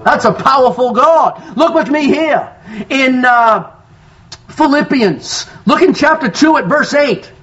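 High-voiced emphatic man preaching. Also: animated, measured pace, a bit bright. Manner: emphatic preaching, quotes scripture, calls for responses. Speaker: pastor. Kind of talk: sermon. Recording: dull lo-fi sound.

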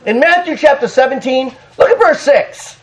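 A male pastor preaching a sermon, fervent and emphatic, bursting into shouts and laughter. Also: very high voice, expressive, moderate pace.

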